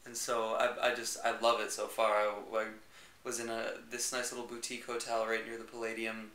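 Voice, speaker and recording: A man's voice: lowish voice, monotone, a little fast, sharp tone. A young American man, a jazz pianist, chatting enthusiastically in an interview, rambling and laughing easily. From United States. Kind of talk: casual interview chat. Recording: echoey room.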